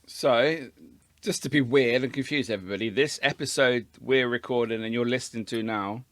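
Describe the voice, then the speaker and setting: Cheeky man at mid pitch. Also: moderate pace, dry recording. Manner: laughing cheeky banter. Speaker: podcast co-host. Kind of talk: casual chat.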